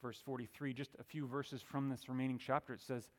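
A middle-aged male pastor preaching a sermon, emphatic, slowing down when he reads scripture. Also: medium pitch, flat delivery, darkish tone.

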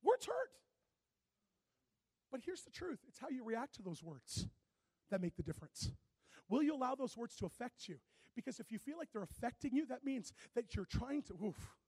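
A man's voice: very high voice, brisk, husky, dry recording. A man preaching a sermon as a pastor, telling stories dramatically and often turning to the audience. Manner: animated, dramatic storytelling with plenty of asides to the audience.

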